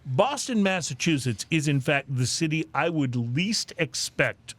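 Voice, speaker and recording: A man hosting a podcast, reading drinking news with deadpan jokes. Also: a little high, measured pace. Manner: animated, deadpan joking delivery. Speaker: podcast host.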